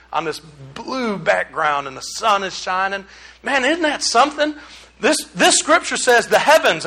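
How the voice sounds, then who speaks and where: A man's voice: high voice, bright, forceful tone. A man preaching a casual sermon, rambling and conversational with folksy asides to the congregation. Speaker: pastor.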